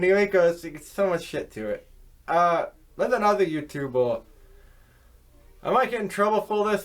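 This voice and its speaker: A young man, a YouTuber, ranting to camera in a rambling, scornful way and swearing constantly. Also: mid-range voice. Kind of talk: profane rant to camera.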